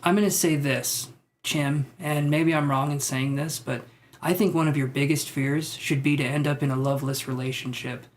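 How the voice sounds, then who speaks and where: A man with a slightly raised voice gives tarot readings live, musing aloud and pausing often. He hedges his impressions gently and reassures the people watching. A faint background hiss sits under his voice. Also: fairly high pitch, steady tone. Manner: tentative, musing, thinks aloud with many fillers; reassuring to viewers. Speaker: tarot reader. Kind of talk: live-stream psychic reading.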